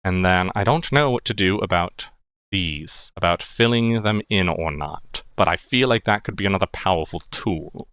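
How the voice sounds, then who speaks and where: A man voicing a gravelly old man in a low, forward voice. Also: a bit bright, dry recording. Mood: musing. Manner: slow, low, forward-placed. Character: gravelly old man who keeps turning up.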